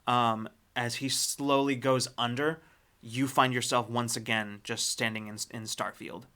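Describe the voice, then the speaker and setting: Bright-voiced male game master. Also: medium pitch, level tone. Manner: descriptive, halting, many fillers. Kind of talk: narrating a tabletop game.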